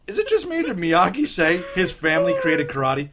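A man hosting a casual film chat, talking in an animated, playful way. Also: a little fast, few pauses, slight background noise. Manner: animated, playful, swoops in pitch. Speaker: podcast host.

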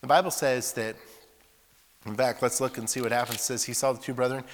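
A man preaching to young people, telling lively stories and asking rhetorical questions. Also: medium pitch, fairly quick. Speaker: preacher at a youth school and camp. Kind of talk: sermon with acted voices. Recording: echoey hall reverb.

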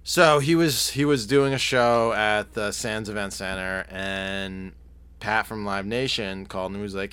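A man's voice: lowish voice, moderate pace, a bit bright, smooth, no room sound. A man co-hosting a podcast, telling rambling stories in casual chat, laughing often and mimicking people. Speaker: podcast co-host.

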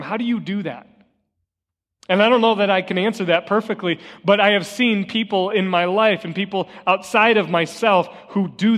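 High-voiced male pastor preaching in a reverberant hall. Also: a bit bright. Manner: earnest, personal storytelling; repeats key phrases for emphasis. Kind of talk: sermon. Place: church sanctuary. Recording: long hall reverb with faint guitar music.

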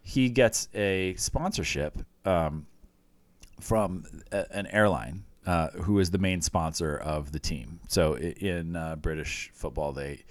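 A man's voice: low-pitched, slow pace, no room sound. A man co-hosting a podcast, chatting casually and retelling TV scenes with many fillers and restarts. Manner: rambling, lots of fillers and restarts, retells scenes with quoted lines. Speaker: podcast co-host. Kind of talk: casual chat recapping a TV show.

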